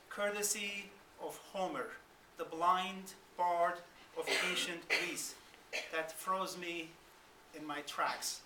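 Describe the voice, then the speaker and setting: Male orator, slow deliberate delivery, high ringing voice, caught from across an echoey hall. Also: pushed and bright, a little hiss or hum. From Turkish-ruled Kurdistan. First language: Kurdish. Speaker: guest speaker. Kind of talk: formal lecture oration. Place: university lecture hall. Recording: roomy hall, mic from far off.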